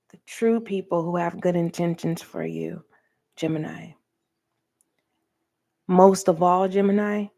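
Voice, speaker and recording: A woman reading tarot for her channel, talking earnestly and preachily to the viewer with pauses and direct address. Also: on the low side, gravelly, mellow. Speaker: tarot reader. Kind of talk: spiritual tarot reading monologue.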